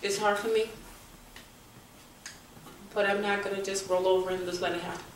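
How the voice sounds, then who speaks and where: A middle-aged woman giving heartfelt public testimony at a community forum, speaking earnestly and haltingly, at times turning forceful. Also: mid-range voice, level tone. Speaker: bereaved mother speaking at a forum. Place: community meeting room. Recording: echoey room, from far off, faint noise.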